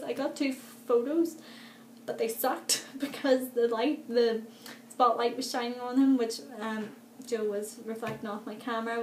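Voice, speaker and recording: A young woman, chatting excitedly in a casual vlog, full of fillers. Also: on the high side. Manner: chatty and gushing, many fillers, laughs often. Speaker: vlogger. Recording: echoey room with faint background noise.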